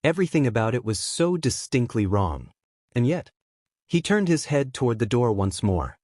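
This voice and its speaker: A man reading a fan fiction story aloud in a steady storytelling manner. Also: mid-range voice, moderate pace, no room sound, clean studio sound. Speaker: story reader.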